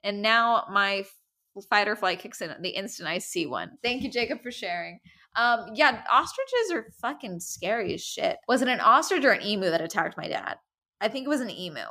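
A woman's voice: mid-range voice, big pitch swings, normal speed, bright, forceful tone. A young woman from Southern California hosting a podcast, telling stories in a casual, rambling way and swearing freely. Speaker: podcast host. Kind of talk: casual storytelling chat.

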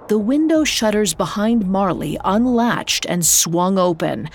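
A woman narrating a scripted ghost story in a measured, atmospheric way. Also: medium pitch, expressive. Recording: soft background music.

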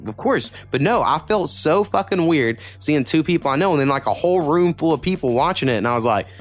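A man's voice: on the high side, expressive, fast talker, soft background music. A young man from Oklahoma in casual podcast chat, rambling with lots of fillers and swearing. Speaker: podcast co-host.

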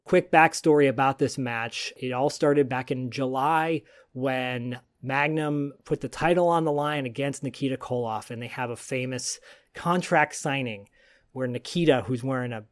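A man's voice: mid-range voice, normal speed. A man co-hosting a podcast, telling a story in a rambling, enthusiastic way. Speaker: podcast co-host. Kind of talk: casual chat.

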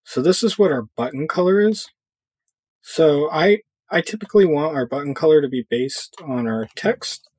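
A man giving a casual screen-recorded software tutorial, thinking aloud with fillers as he clicks through. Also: on the high side, animated, moderate pace, breathy edge, dry recording.

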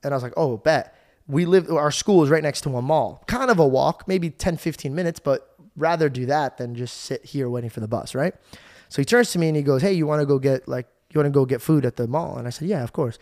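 A young adult man hosting a podcast, telling stories in a casual, animated way, swearing and saying "bro" a lot. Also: a little high, a little fast. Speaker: podcast host.

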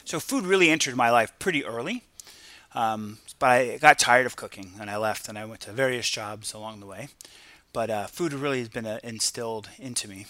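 A man's voice: mid-range voice, brisk, bright, forceful tone, no echo. A man as a podcast guest in casual chat, easygoing and agreeable. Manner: easygoing, agreeable, many yeahs. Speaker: podcast guest, former corporate chef.

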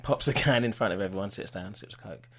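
A man's voice: fairly low pitch, fast, a bit bright, slight background noise. A man co-hosting a casual football fan chat, relaying anecdotes with a dry wit. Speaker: football fan podcast co-host.

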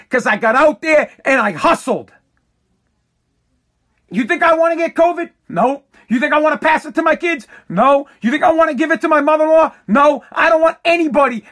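A man's voice: extremely high pitch, fairly bright tone. A man who runs a contracting business, delivering a heated, profane political rant and hammering his points again and again. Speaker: working contractor.

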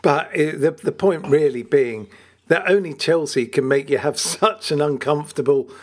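A man with a fairly high voice co-hosting a football podcast. He chats in an easygoing way, teases his co-host, and laughs often. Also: normal speed. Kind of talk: casual chat.

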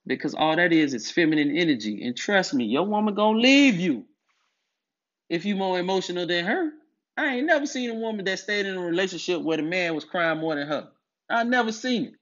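This is a direct-to-camera monologue about masculinity from a man who comments on the subject, pressing his points hard in a sermonizing way and often restating them. His pitch leans high and his tone is fairly bright. The audio is lo-fi and dull.

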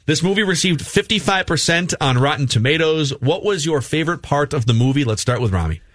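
A man's voice: a little high, lively intonation, a little fast, a bit bright, no room sound. A man co-hosting a movie podcast who recaps the plot and jokes with his co-hosts. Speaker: podcast co-host.

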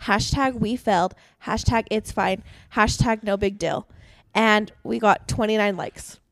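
A woman's voice: mid-range voice, unhurried, gravelly, no echo. A woman co-hosting a podcast in casual chat, telling stories and acting out what others said. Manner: chatty storyteller, acts out quoted lines. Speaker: podcast co-host. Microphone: podcast microphone.

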